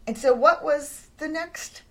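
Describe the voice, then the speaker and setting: A woman in her forties, a homeschooling mom, telling personal stories in a casual talk and acting out the people she quotes. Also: unhurried. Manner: animated, acts out quoted voices with big pitch jumps.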